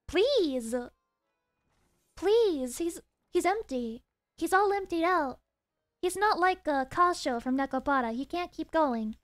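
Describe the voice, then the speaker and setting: A woman streaming a game from her desk, chatting in an excitable, rambling way full of swearing. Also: very high-pitched, slow pace, faint music behind. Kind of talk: casual game stream chat. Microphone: desk mic.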